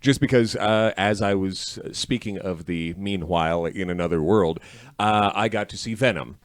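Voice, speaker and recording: A man co-hosting a casual film-news panel chat, animated, swearing and acting out quotes. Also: sits low, normal speed, smooth, no echo.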